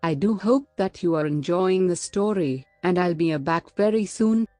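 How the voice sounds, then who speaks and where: A woman storyteller reading a storybook aloud in a calm, measured manner. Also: on the low side, no echo, faint music behind.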